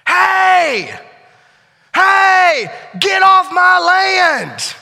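A man voicing an angry male landowner, yelling threats from a distance. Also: very high-pitched, wildly swooping pitch, extremely slow, gravelly, voice pushed up, full character voice. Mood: furious. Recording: echoey hall.

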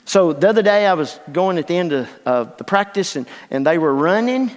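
An older man preaching a sermon in a church, swinging from hushed lines to shouts. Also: high-pitched, lively intonation, brisk. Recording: long reverb of a large hall.

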